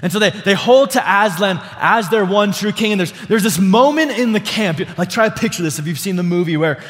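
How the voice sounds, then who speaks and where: A young adult pastor preaches a casual sermon in a church sanctuary, his high-pitched, fairly bright voice moving briskly. Full of fillers and restarts, he asks the congregation questions and calls for responses, while long hall reverb fills the recording.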